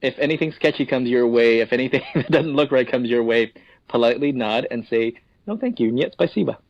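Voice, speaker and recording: A man's voice: medium pitch, fairly even intonation, a little fast, no echo, lo-fi sound. A man co-hosting a podcast in a jokey way, often laughing as he talks. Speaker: podcast co-host. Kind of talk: casual podcast chat.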